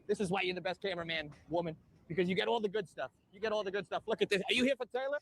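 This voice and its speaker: A man's voice: high voice, very fast, a little hiss or hum. A man livestreaming on a city street, chatting with passersby and his viewers. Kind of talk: casual street livestream chat.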